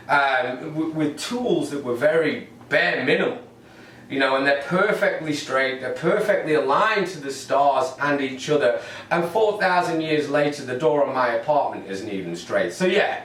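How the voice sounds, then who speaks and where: Filmed in his own living room, a middle-aged Englishman delivers wry, meandering observational comedy to the camera. His voice is medium-pitched and a bit bright. A distant camera mic captures the echoey room along with slight background noise.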